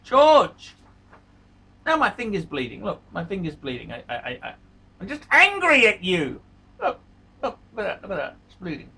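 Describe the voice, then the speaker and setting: Ranting vlogger, male: furious, foul-mouthed, pitch leaping all over, bright edge to the voice. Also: wildly swooping pitch, normal speed, vocal fry, husky, recorded from a distance. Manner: furious, swearing, repeats insults. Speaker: watch vlogger. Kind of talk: angry profane rant to camera.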